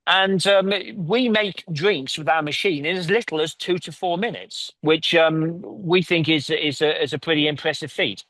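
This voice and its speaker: A man's voice: on the high side, moderate pace, hardly any pauses, a bit bright, no room sound. An English man, a company founder, talking earnestly in a remote interview and often restarting his sentences. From England. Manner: earnest, restarts and repeats words. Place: lives in Italy, remote call.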